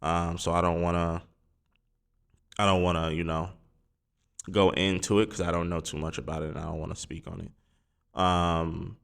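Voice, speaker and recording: Male sports podcast host, deep voice, loose and rambling, lots of ums. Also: creaky, a bit bright. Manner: rambling, filler-heavy, informal. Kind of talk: casual solo sports talk.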